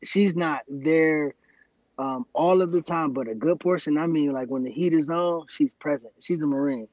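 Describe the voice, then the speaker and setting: A man's voice: fairly high pitch, moderate pace, darkish tone, no echo. Earnest man, dull dry recording. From Cleveland, USA. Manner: earnest, grateful, frequent affirmations. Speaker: guest activist. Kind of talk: casual podcast interview.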